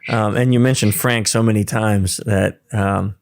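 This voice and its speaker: A man's voice: on the low side, fairly even intonation, unhurried, creaky. A man hosting a podcast interview, affable, with brief affirmations and easy laughter. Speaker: podcast host.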